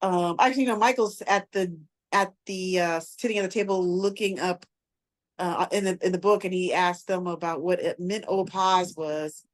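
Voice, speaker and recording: A woman's voice: on the low side, fairly even intonation, normal speed. A woman co-hosting a podcast, casually retelling a TV episode in a rambling way with lots of fillers and restarts. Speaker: podcast co-host. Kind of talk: casual recap chat.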